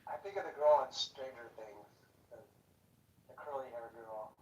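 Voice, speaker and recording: A man's voice: mid-range voice, normal speed, darkish tone, far from the mic. Rambling middle-aged guy, off-mic. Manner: laid-back, rambling, says dude a lot. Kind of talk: casual chat. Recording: roomy, off-mic, faint noise.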